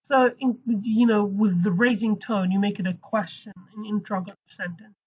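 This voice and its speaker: A woman's voice: medium pitch, fairly even intonation, moderate pace, a little mellow, husky. A woman teaching a language lesson in a casual, chatty way, often correcting herself and adding playful asides. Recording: dull lo-fi recording.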